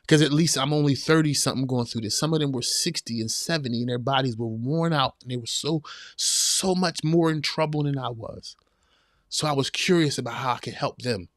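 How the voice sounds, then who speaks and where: A podcast host delivers an earnest, preachy motivational talk in a folksy style, calling his listeners "y'all" and repeating lines for emphasis. His voice is mid-range with a fairly bright tone, and the recording is studio quality with no room sound.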